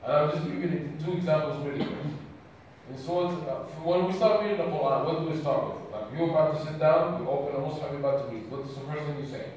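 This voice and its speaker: A man's voice: a little high, fast, a little mellow, a little hiss or hum. Man preaching in an echoey hall. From Sudan. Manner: engaging, asks audience questions. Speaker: camp speaker. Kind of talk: religious talk to youth. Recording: echoey hall, distant mic.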